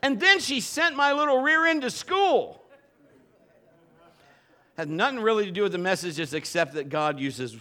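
A middle-aged man preaching a sermon in a church, telling stories and acting out the quotes in lively voices. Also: high-pitched, normal speed, long pauses. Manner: animated storytelling with acted-out quotes. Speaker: pastor.

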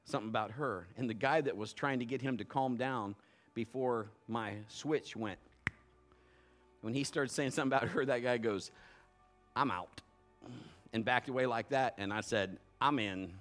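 A middle-aged man preaching a sermon, swinging between hushed tones and loud bursts as he acts out conversations. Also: mid-range voice.

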